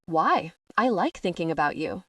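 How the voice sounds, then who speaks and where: A woman's voice: on the low side, very animated, normal speed, fairly bright tone, no room sound, distant mic. Woman doing a teasing southern teen guy, keeps pushing, dry sound a bit off mic. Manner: teasing and persistent.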